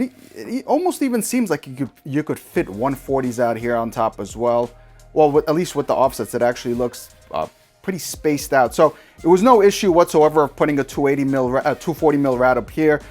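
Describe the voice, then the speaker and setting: A man's voice: mid-range voice, a little mellow. A man giving a casual, hands-on tech review, slangy and emphatic, often ranting.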